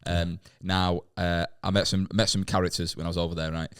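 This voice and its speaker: A man's voice: sits low, little pitch movement, brisk, smooth. A man telling a rambling, sweary travel story in casual podcast chat, full of restarts. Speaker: comedian podcast guest.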